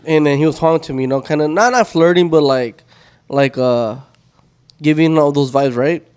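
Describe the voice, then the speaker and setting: A man's voice: on the high side, normal speed, a little mellow, clear, resonant tone. A man co-hosting a podcast in casual chat, laughing often and stepping in to straighten out stories. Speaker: podcast co-host.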